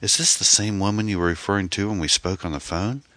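A man voicing a concerned, attentive man on a date in an audiobook, gentle and reassuring. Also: low-pitched, steady tone, quick pace, dry recording, voice pushed up. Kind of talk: audiobook character voice.

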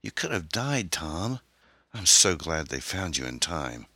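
A fretful, loving wife, put on by a male audiobook narrator, sits by her husband's hospital bed. She speaks tenderly and fusses over him in a raised, soft voice. Her tone is bright. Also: sits low, big pitch swings, unhurried, dry recording, clean studio sound, voice pushed up, heavily acted. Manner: tender, fussing, soothing.

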